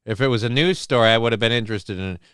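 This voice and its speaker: A man's voice: mid-range voice, racing, fairly bright tone, clean tone, dry recording, studio quality. A man hosting a live show, ranting with heat, sarcasm and lots of swearing as he reacts to videos. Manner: profane, heated, sarcastic. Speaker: host of a live call-in show.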